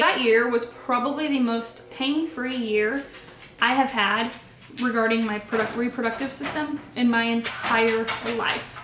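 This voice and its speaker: A woman's voice: on the high side, moderate pace, fairly bright tone. Earnest young woman in an echoey room. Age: 20s. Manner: candid, earnest storytelling. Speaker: vlogger. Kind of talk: personal story vlog.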